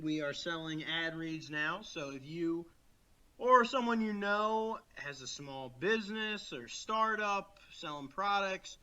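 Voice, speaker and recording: A male podcast co-host chatting casually from home. His voice is very bright and forward, sitting a bit high. He laughs and teases his partner often. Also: smooth, highs cut off. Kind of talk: casual chat. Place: home, recording remotely.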